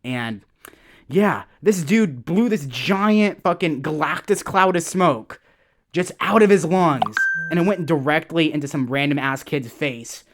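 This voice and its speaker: A man's voice: fairly high pitch, a little slow. Rambling, foul-mouthed young man. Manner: rambling, swears a lot, tags lines with "okay?". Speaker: storyteller. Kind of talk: casual storytime monologue.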